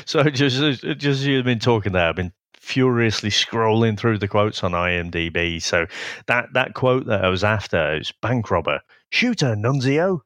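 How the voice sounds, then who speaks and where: A man's voice: lowish voice, normal speed, a bit bright, no echo, studio quality. A man co-hosting a TV review podcast, chatting casually and laughing often.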